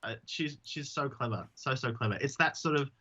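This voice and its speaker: Male drag queen guest, casual and self-mocking, bright voice on slightly dull audio. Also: mid-range voice, fairly quick, breathy edge. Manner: chatty, self-mocking, slips into silly voices. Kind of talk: casual interview chat.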